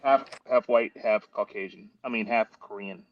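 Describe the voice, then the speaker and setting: A man with a low voice tells animated stories as a guest on a casual stream and acts out the other people's lines. His sound is dull and lo-fi, with a faint hiss behind it. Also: moderate pace. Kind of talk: storytelling in casual chat.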